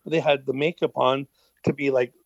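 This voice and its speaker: A middle-aged musician telling stories in a casual interview, rambling with lots of fillers and casual swearing. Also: male voice, mid-range voice, level tone, a little fast, vocal fry, no echo. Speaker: musician guest. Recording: dull lo-fi sound.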